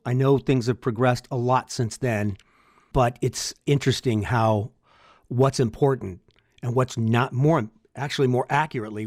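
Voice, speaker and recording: A man's voice: mid-range voice, darkish tone, no echo, clean studio sound. An older man hosting a podcast, talking alone in a chatty, wry way full of rambling asides. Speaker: podcast host. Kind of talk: solo podcast monologue.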